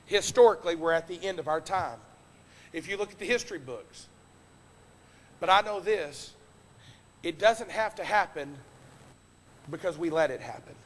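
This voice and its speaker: Preaching a sermon in a church sanctuary, this high-voiced pastor is animated and impassioned, moving from loud to hushed at a moderate pace and pausing often. The church hall gives a long reverb.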